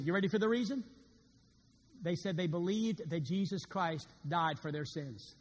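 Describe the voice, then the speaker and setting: A man's voice: high voice, breathy edge. A man preaching a sermon, dramatic and earnest, acting out quoted words with rising intensity. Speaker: pastor. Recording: long reverb of a large hall.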